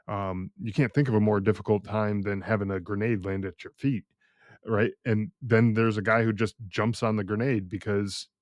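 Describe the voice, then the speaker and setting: Low-voiced hesitant man, dry mic. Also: no echo. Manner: thoughtful, hesitant, many "um"s and restarts. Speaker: podcast host. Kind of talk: casual podcast conversation.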